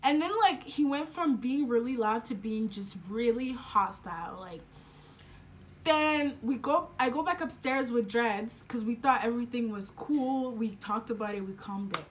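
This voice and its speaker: High-voiced, animated young woman storyteller. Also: measured pace. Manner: animated, swears freely, uses slang. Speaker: vlogger telling a story. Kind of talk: casual storytime chat. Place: home, indoors.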